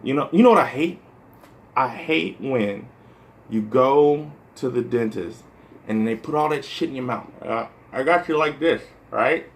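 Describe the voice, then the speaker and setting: A man's voice: mid-range voice, unhurried. A man from the American Midwest, a stand-up comedian, talking in a casual, rambling vlog monologue full of "like" and "you know" and some swearing.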